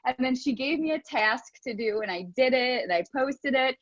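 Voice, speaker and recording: A woman's voice: high-pitched, expressive, normal speed, no echo, muffled recording. Bubbly, gushing woman on a video call. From Cleveland area. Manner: bubbly, gushing, laughing often. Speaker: group call participant. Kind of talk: casual heartfelt tribute.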